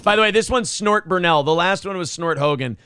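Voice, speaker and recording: A man's voice: sits high, animated, fairly quick, bright, forceful tone, a little hiss or hum. A man hosting a morning talk show, sarcastically mocking a streamer's rage while laughing often. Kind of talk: mocking casual commentary.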